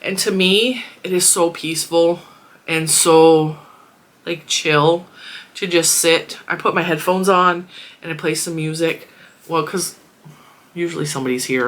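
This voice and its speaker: Congested, chatty woman with a bright voice. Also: sits low, steady tone, unhurried. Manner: chatty, rambling, laughs often. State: congested and a little wheezy. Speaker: crafting vlogger. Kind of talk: casual product review chat. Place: small closed room at home.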